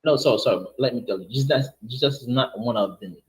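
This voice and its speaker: A man's voice: mid-range voice, fairly quick. A man from Haiti with a Haitian accent, talking hesitantly and apologetically in a casual online debate, often repeating his words. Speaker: participant in online discussion. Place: online voice chat room.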